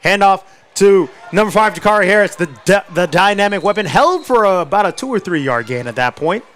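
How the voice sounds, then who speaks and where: A man with a high voice calls a high school football game play by play. He talks quickly through the routine snaps and rises to excited shouts when a runner breaks free. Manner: excitable, shouts on big plays. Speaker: play-by-play announcer. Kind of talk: live sports play-by-play commentary.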